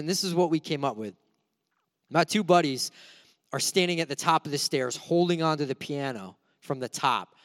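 A man's voice: on the high side, a bit bright, studio quality. A young man preaching a sermon in a church, telling a personal story in a casual, self-deprecating way. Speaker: pastor. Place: church auditorium. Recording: long hall reverb.

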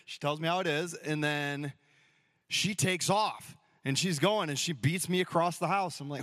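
A man's voice: fairly high pitch, moderate pace, fairly bright tone, dry recording, studio quality. A man in his thirties preaching a sermon as pastor in a church, telling stories casually and playfully acting out dialogue. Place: church sanctuary.

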